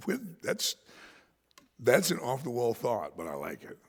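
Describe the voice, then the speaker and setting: Male pastor, sermon, lively swooping pitch, husky gravelly tone, long church reverb. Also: a little slow. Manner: animated, swings from shouts to whispers, laughs often. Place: church sanctuary.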